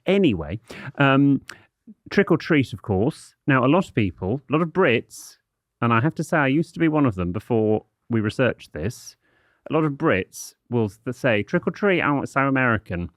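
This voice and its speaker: A British man co-hosting a podcast, talking in a lively, precise way with a lecturing tone when he explains facts. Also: mid-range voice, normal speed, no echo, studio quality. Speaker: podcast co-host. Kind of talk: casual podcast chat with explainer segments.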